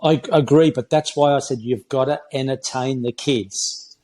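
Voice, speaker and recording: A man's voice: medium pitch, steady tone, normal speed, darkish tone. Australian man, 60s, former player; blunt, opinionated, calls everyone mate. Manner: blunt, opinionated storytelling, says "mate" often. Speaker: former rugby player, guest. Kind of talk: casual podcast interview.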